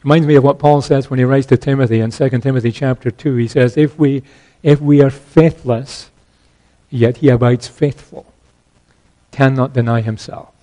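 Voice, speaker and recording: A man delivers an earnest expository sermon in a mellow, warm voice, pitched in an ordinary middle range. He reads scripture aloud and explains it, pressing hard on the words that matter most. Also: fairly even intonation, normal speed, poor audio. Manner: earnest expository preaching, rising to emphatic stresses. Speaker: pastor.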